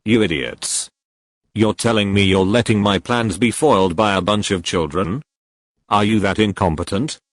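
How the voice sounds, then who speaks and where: A man's voice: on the low side, normal speed, no room sound, close to an everyday voice. A man reading the lines of a short-tempered crime boss in a fan story, threatening and angry.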